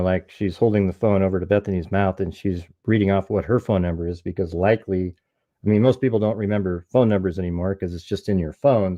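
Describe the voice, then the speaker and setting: Man, low mellow voice, dry muffled sound, methodical true crime breakdown. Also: no echo. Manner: explains step by step, points out details. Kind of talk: casual analysis, walking through a recording.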